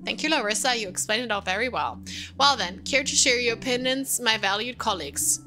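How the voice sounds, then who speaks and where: A woman voicing a brisk, bossy female hospital doctor who leads rounds in a game, with clipped, commanding lines. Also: on the high side, natural voice.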